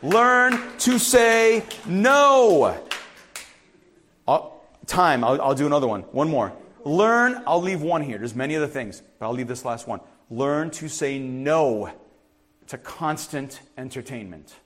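A middle-aged man preaching a sermon as pastor, urging loudly one moment and dropping to quiet asides the next. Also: medium pitch, normal speed, a little hiss or hum. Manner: animated, swings from loud urging to quiet asides.

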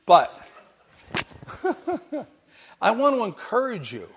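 A man preaching a sermon with emphasis, repeating his phrases and swinging from quiet to loud, laughing now and then. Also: a little high, lively intonation, moderate pace.

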